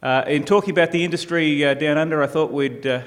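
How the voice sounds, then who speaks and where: A man's voice: fairly high pitch, fairly even intonation, fast, smooth. Australian man presenting in a reverberant hall. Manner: dry self-deprecating humour, many "uh" fillers. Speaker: conference speaker. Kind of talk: conference presentation. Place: conference hall.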